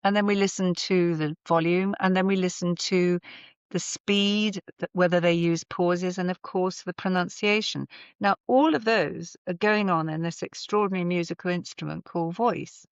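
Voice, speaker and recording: A woman's voice: fairly low pitch, fairly even intonation, normal speed, clean tone, no room sound. Thoughtful woman voice therapist. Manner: thoughtful, demonstrative, explains with examples. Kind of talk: explanatory conversational interview. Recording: slightly dull remote audio.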